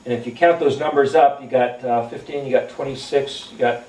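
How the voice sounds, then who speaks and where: A man's voice: medium pitch, fairly even intonation, a little fast, hardly any pauses, darkish tone, a little hiss or hum. A man giving a Bible teaching, explaining Hebrew letters and words in a musing, explanatory way. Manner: explanatory, spells out Hebrew letters, muses aloud. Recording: echoey room, mic at a distance.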